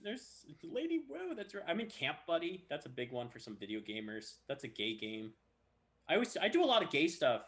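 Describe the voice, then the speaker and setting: Man, voice actor, casual storyteller, lively pitch, bright. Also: a little fast. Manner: animated storyteller who acts out quotes. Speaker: voice actor guest. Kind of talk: casual chat.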